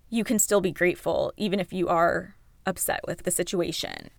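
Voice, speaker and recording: A young woman speaks frankly and emotionally about a hard time in her life, swearing now and then. Her voice sits low with a gravelly fry. The recording is close and dry, with no room sound. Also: no room sound. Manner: candid, emotional, swears freely. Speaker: accident survivor telling her story. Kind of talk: personal storytelling to camera.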